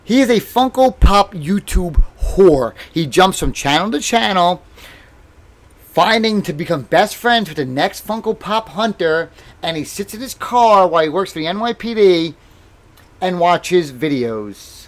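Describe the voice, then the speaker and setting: Slightly high-voiced man in his thirties. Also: animated, a little slow. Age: 30s. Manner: rambling, self-mocking, bursts into loud laughter. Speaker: livestream host and boxer. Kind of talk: casual live-stream storytelling. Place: at home.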